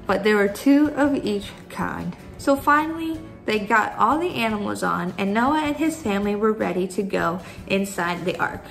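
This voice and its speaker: A woman's voice: medium pitch, gravelly, a bit bright, rough recording. A young woman teaching a children's church lesson, chatty and upbeat, talking straight to the kids. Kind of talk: Bible story lesson for kids.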